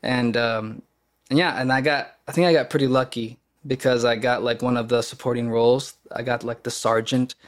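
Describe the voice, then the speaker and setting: A man's voice: medium pitch, fairly even intonation, moderate pace. Rambling young man from the Midwest. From Kenosha, Wisconsin, US Midwest. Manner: rambling, many fillers and restarts. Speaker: actor, podcast guest. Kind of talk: casual conversation.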